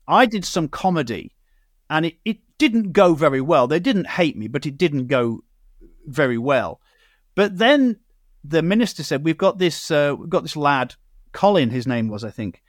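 A man's voice: a little high, no room sound, clean studio sound. A man hosting a discussion show, talking conversationally and often restarting his sentences. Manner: conversational, with hesitant restarts and fillers. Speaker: host.

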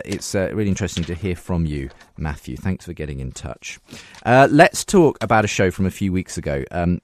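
Deep-voiced radio host. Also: male voice, dry recording, studio quality. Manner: frequent "uh" fillers, lively reading. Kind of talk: radio show, reading listener emails. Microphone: studio microphone.

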